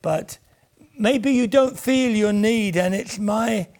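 A man's voice: sits high, slow, a little mellow. A man preaching a sermon in an earnest voice that swells and then sinks almost to a whisper. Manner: earnest, rises and falls, drops to near whispers.

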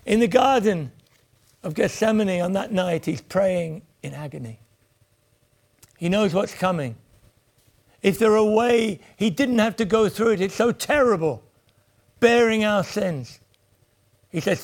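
A man's voice: sits high, lively intonation, measured pace, pauses often. A man preaching a sermon in an earnest voice that swells and then sinks almost to a whisper. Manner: earnest, rises and falls, drops to near whispers.

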